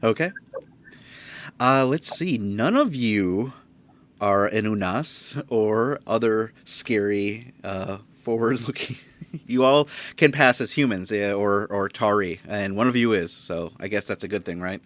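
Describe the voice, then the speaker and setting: A man narrating a tabletop game as game master, halting with many fillers. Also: lowish voice, a bit bright.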